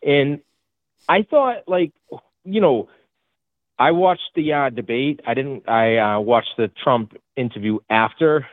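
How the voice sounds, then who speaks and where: A man's voice: mid-range voice, animated, slow, no room sound. A man with a heavy Boston accent calling in to a talk show, rambling with lots of fillers and restarts. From Boston area. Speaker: caller. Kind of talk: call-in talk. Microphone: phone call. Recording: tinny phone line.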